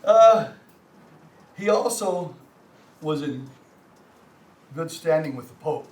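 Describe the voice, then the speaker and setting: An older man with a Texan accent teaches a community language class. He lectures from slides in a halting, folksy way, often repeating words and joking with the class. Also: on the high side, lively intonation. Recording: roomy, distant mic, faint hum.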